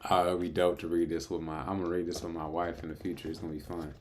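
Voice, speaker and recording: A man's voice: sits low, flat delivery, quick pace, noisy background. A man reading through the Bible, breaking off into playful, chatty asides. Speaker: Bible reader and narrator. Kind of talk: casual Bible reading with commentary.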